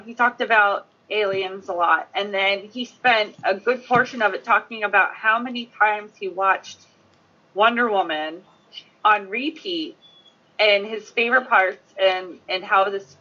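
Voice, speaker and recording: A woman on a convention panel chatting quickly and casually, telling an anecdote. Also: medium pitch, pushed and bright. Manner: chatty, quick, with frequent laughs. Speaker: convention guest. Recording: dull lo-fi sound.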